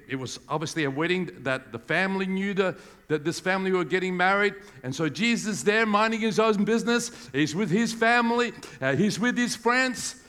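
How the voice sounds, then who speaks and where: A man preaching a lively sermon, slipping into the voices of the people in his stories. His voice sits a little high and rings bright and forceful. The sound carries a long hall reverb. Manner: animated storytelling, acting out voices of people in the stories.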